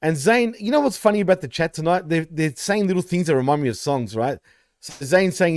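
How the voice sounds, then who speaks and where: A man's voice: on the high side, fairly quick, a little mellow, dry recording, studio quality. Laughing, swearing male podcast host. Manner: swears a lot, laughs often, teasing. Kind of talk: casual wrestling chat.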